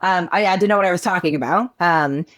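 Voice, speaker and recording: A woman speaks as a guest in a relaxed podcast conversation. Her voice sits a little low, and she tells her stories in a chatty, expressive way, full of "um" and "like." Her delivery stays loose and conversational. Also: quick pace. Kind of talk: casual interview chat.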